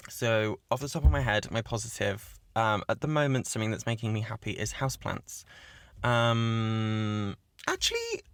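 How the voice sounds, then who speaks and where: A man hosting his own podcast in casual chat, gushing and swearing a lot as he gets excited. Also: on the low side, creaky, dry recording. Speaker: podcast host. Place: cabin in the woods.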